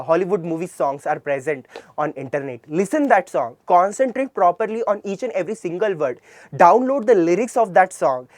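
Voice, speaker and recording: High-pitched and recorded with no room sound, this man speaks with an Indian English accent. He gives an earnest classroom-style tutorial lecture on communication skills, often posing a question and then answering it himself.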